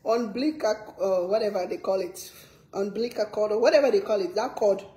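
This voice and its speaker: Speaking at a fairly quick clip, a woman from Sierra Leone chats with viewers in a relaxed cooking vlog, her accent Sierra Leonean English. Her voice is medium-pitched and warm, with an echoey room around it. She's earnest and emphatic and repeats words for emphasis.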